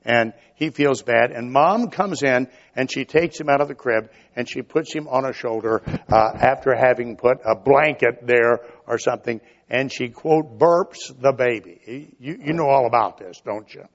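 A man's voice: medium pitch, moderate pace, few pauses, highs cut off. An older man preaching a sermon in a folksy storytelling manner, acting out little quoted lines along the way.

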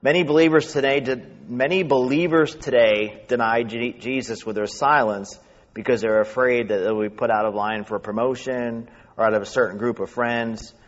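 A man from New York with a faint New York accent, a pastor preaching fast and reading scripture. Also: mid-range voice. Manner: talks fast. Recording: echoey hall, dull sound.

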